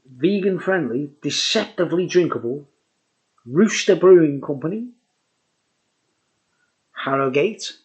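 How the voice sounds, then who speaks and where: A man's voice: on the high side, animated, slow pace, long pauses. A tipsy man rambling through a casual beer review. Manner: rambling and chatty, full of fillers. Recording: dull lo-fi recording.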